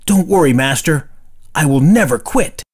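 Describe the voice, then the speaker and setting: A man voicing a clumsy, eager young male panda who sounds nervous and excitable in a storybook reading. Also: on the high side, moderate pace, slightly rough. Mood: earnest.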